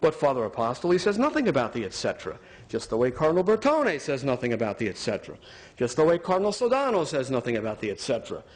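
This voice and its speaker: A man's voice: medium pitch, wildly swooping pitch, fast talker. A man giving an argumentative talk, sarcastic and emphatic as he builds his points. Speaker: speaker.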